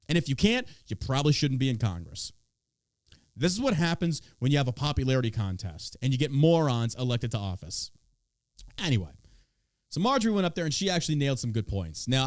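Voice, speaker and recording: A man's voice: fairly high pitch, no echo, clean studio sound. Profane, sarcastic man ranting on a podcast. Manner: profane, sarcastic, swinging between loud and mocking. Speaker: podcast host. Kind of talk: casual political rant.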